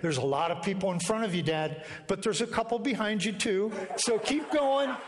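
A man's voice: high-pitched, normal speed, in a large hall, pitched above the performer's own voice, close to an everyday voice. A man voicing an eager young boy cheering his dad on. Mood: encouraging. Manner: eager, urging, calling out.

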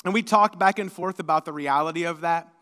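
A man preaches a Sunday sermon in a high, lifted voice. He talks to his congregation like a conversation, dropping to near-hushed tones and then pressing hard. The long reverb of a church sanctuary trails after his words. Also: brisk. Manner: conversational preaching that swings between hushed and emphatic. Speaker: pastor.

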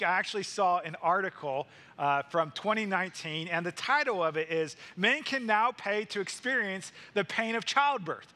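High, bright-voiced man preaching. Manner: earnest, repetitive preaching cadence, slowing for emphasis. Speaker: pastor. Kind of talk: sermon.

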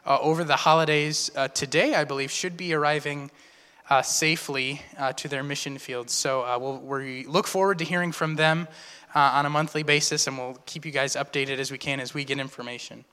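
A man giving church announcements as a pastor, halting and full of fillers. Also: fairly high pitch, steady tone, sharp tone, clear, resonant tone. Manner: halting, filler-heavy delivery. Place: church sanctuary. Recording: long church reverb.

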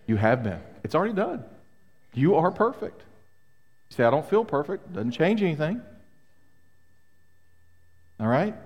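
A man's voice: on the high side, sing-song, unhurried, long pauses, a little mellow. Middle-aged guy preaching, punchy, keeps asking the congregation questions, big echoey church sound. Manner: emphatic, rhetorical questions to the congregation. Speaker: pastor. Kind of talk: sermon. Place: church sanctuary. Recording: long hall reverb.

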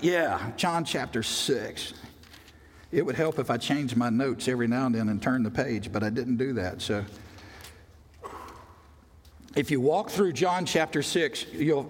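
A man preaching a sermon as a pastor, emphatic, swinging from loud bursts to quiet, drawn-out words. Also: medium pitch. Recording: long reverb of a large hall.

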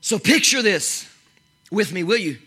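A man preaching an animated sermon, swinging from loud exclamations to hushed whispers, often restarting and repeating his words. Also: high voice, measured pace, slightly rough. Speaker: pastor. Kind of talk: energetic sermon.

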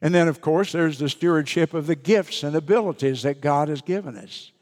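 A middle-aged man pastor preaching a sermon, deliberate and repeating key phrases for emphasis. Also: on the high side, a little mellow, in a large hall.

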